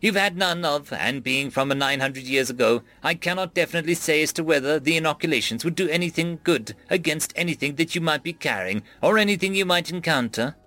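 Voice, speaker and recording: A man voicing a calm, formal male AI ship core with flat, precise phrasing. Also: fairly high pitch, fairly quick, few pauses, no room sound, soft background music, pitched above the performer's own voice. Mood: measured.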